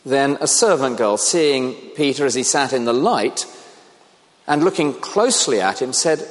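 A man's voice: mid-range voice, animated, normal speed. A man preaching a sermon, reflective, asking the congregation questions. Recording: long reverb of a large hall.

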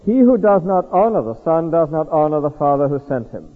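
Animated male preacher in an echoey hall. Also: on the high side, brisk. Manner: animated, asks the audience rhetorical questions. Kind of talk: expository sermon. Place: large hall before a congregation. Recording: echoey hall on a tinny lo-fi line.

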